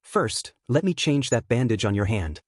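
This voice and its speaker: A man voicing a reserved, earnest teenage boy hero in a quiet, measured delivery. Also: mid-range voice, animated, no room sound, clean studio sound, close to an everyday voice.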